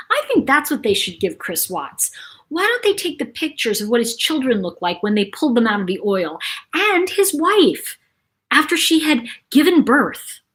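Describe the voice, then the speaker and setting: A woman from New York City hosting a casual live-stream chat, reading viewer comments aloud and telling stories in a chatty, animated way. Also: sits high, slightly rough. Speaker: host.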